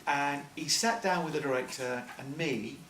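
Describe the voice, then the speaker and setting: A man's voice: fairly high pitch, moderate pace, a bit bright. Man rambling in an echoey hall. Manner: rambling, self-deprecating, anecdotal with frequent restarts. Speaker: film producer. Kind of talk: storytelling interview answers. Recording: echoey hall, distant mic, faint noise.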